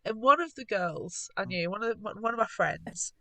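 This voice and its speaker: A woman's voice: medium pitch, expressive, normal speed, bright, forceful tone, no echo. Lady co-host, chatty and emphatic, dry close sound. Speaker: podcast co-host. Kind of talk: casual chat.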